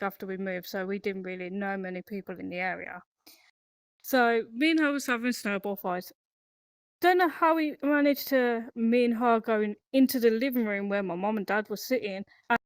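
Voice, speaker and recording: A woman tells a childhood story in a casual group chat. She rambles and swears freely as she goes. Her voice is fairly high and sounds dry. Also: smooth, no room sound.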